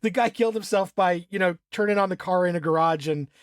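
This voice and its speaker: A man co-hosting a podcast, casually talking through a film, animated, laughing and swearing as he acts out scenes. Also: high voice, fast talker, no echo, clean studio sound. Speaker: podcast co-host.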